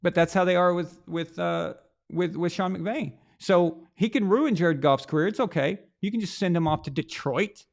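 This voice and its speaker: A man's voice: high-pitched, normal speed, vocal fry. A man hosting a sports reaction show, delivering a blunt, heated rant full of rhetorical questions and profanity. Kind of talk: opinionated sports commentary rant.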